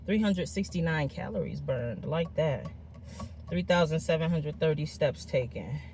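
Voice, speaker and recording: A woman's voice: deep voice, lively intonation, unhurried, darkish tone, slight background noise. A woman in her forties vlogging outdoors after a walk, out of breath, chatty and upbeat. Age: 40s. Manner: chatty, upbeat, addresses viewers as friends and y'all. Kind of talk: casual vlog chat. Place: outdoors on a walking trail.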